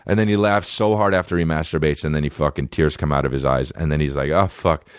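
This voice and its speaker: A man's voice: extremely low pitch, fairly even intonation, fast talker, clean tone, no room sound, clean studio sound. A man in his thirties hosting a comedy podcast, riffing profanely and slipping into mocking voices. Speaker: podcast host.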